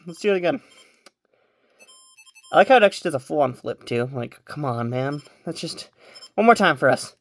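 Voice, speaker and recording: A young man chatting casually on his vlog about a virtual pet device, rambling and excitable, out of breath after running upstairs. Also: a little high, a little fast, long pauses, dry recording, faint music behind. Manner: rambling, excitable, lots of fillers. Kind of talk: casual chat. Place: upstairs room at home.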